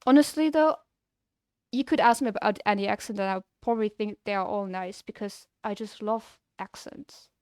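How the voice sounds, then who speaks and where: A woman's voice: mid-range voice, moderate pace, darkish tone, clean tone, dry recording, clean studio sound. A young adult woman with a German-sounding non-native English accent, chatting casually with her stream viewers in a rambling way that is full of restarts. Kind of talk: casual live-stream chat.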